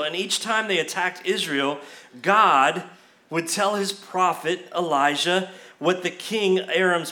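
A man preaching a sermon as pastor at a church service, talking in a conversational way with frequent restarts, and acting out the people he quotes. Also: sharp tone. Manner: acts out quoted voices with rising pitch.

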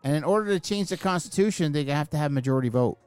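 A man's voice: on the high side, lively intonation, fast, a little mellow, clear, resonant tone, dry recording, soft background music. A man hosting a podcast, ranting in a casual, profane chat. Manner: ranting, heavy swearing. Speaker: podcast host.

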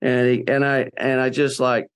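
Gravelly man telling his story. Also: medium pitch, level tone, moderate pace. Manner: earnest and conversational, with many fillers and restarts. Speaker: guest.

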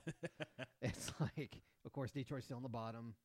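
Regular-pitched guy cohosting a sports podcast, dry jokes, cusses, dry close mic. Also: steady tone, moderate pace, darkish tone, dry recording. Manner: wry, profane, self-deprecating. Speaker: podcast co-host. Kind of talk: casual podcast chat.

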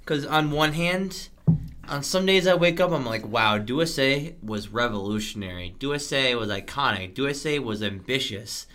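A man's voice: mid-range voice, normal speed, pushed and bright. A young man co-hosting a casual podcast, playful and hesitant, often correcting himself. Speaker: podcast co-host.

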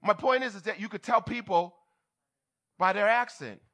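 Bright, high-voiced preaching bishop. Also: male voice, moderate pace. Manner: teaching, often asks "are you with me?", builds to loud emphatic passages. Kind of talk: sermon.

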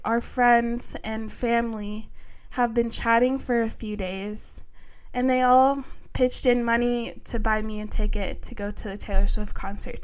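Brief: young woman podcast host, chatty and gushing, unhurried, clear smooth voice. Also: a little high. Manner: chatty, many fillers, excited and emotional. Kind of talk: casual chat.

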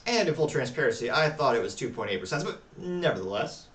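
A man hosting a talk show, reading social media replies aloud with wry, deadpan asides. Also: medium pitch, fast talker, reverberant, far from the mic. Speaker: podcast host.

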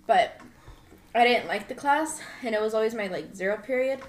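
A young woman with a fairly high voice tells stories in a loose, animated way and laughs often. She sounds like she is in a roomy, echoey space. A faint hiss runs under her. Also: normal speed. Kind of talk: casual chat. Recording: echoey room, faint noise.

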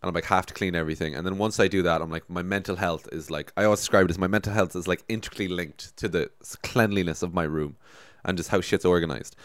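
Young podcast co-host, lively swooping pitch, swears a lot, dry close sound, animated storyteller. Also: male voice, no echo. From Ireland. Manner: animated storytelling, swears a lot, voices his past self. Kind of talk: casual podcast chat.

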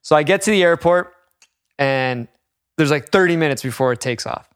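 Animated, cursing young man telling a story. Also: fairly high pitch, normal speed, clear, resonant tone, no room sound, clean studio sound. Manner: animated, profane storytelling, acts out people. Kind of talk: casual chat.

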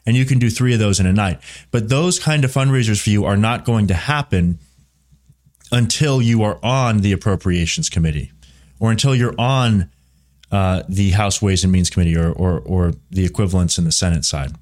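A man's voice: on the low side, moderate pace, darkish tone. A man hosting a solo political commentary show, speaking in an opinionated, blunt way that drifts into side remarks.

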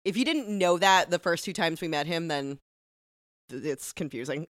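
A woman co-hosting a casual podcast recap, playful and jokey, slipping into quick impressions of characters. Her voice sits a little low for a woman and sounds dry and close to the mic. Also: no room sound. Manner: playful, jokey, acts out lines in quotes. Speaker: podcast co-host.

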